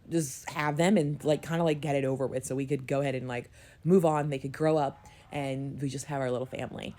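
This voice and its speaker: A woman's voice: low-pitched, warm tone. A young woman vlogging candidly as a new mom, emotional and close to tears, her voice wavering and sometimes dropping to a whisper. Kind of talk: candid personal vlog.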